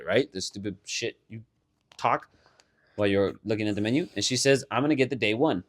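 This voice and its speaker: A man's voice: fairly low pitch, brisk. A man co-hosting a podcast in casual chat, laughing a lot, swearing and saying "bro" as he tells a story. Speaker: podcast co-host.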